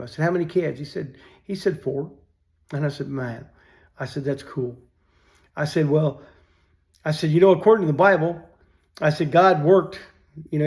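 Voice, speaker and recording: A man's voice: a little high, a little mellow. An older man telling a story in a folksy, rambling way, often repeating "I said", then reflecting on faith.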